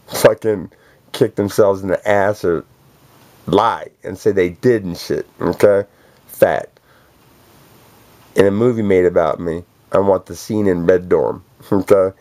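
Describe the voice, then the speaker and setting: A man's voice: sits low, mellow. A man in a rambling, direct-address video monologue, boastful and profane, dropping streetwise slang. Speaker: vlogger addressing a celebrity.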